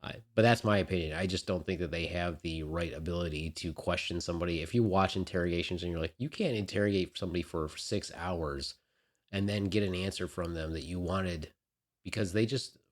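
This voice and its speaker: Male podcast co-host, deep voice, blunt opinionated ranter. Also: brisk. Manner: blunt, ranting, swears freely. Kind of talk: casual opinionated chat.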